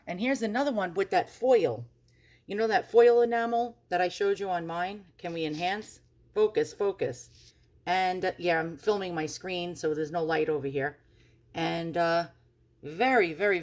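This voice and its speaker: A woman hosting an antiques channel, talking casually and frankly as she browses listings on her computer, swearing mildly and stumbling over French words. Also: on the low side. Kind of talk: casual screen-recorded research commentary.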